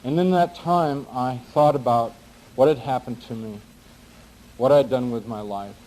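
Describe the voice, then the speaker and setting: A man giving an earnest personal testimony, halting and restarting as he searches for words. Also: mid-range voice, mellow, slight background noise, poor audio. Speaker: speaker recounting a near-death experience.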